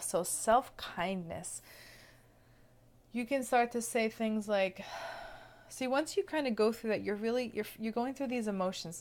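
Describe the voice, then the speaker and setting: A woman speaking as a self-love coach, explaining in a gentle, casual teaching manner and often checking in with the listener. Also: mid-range voice.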